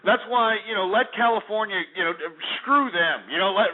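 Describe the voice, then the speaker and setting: Talk radio host, male, high-pitched, profane rambling rant, thin phone-like sound. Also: normal speed. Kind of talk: ranting talk radio monologue. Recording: tinny phone-like radio archive.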